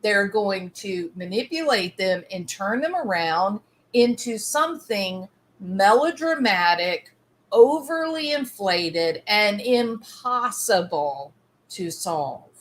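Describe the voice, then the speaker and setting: A woman's voice: mid-range voice, sing-song, slow pace. A woman giving emphatic commentary, sometimes acting out quoted lines.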